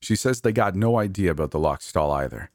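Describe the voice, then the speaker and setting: A man's voice: deep voice, expressive, a little fast, darkish tone, no room sound, clean studio sound. A man doing a joking, reassuring young guy. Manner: casual, joking. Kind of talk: storytelling.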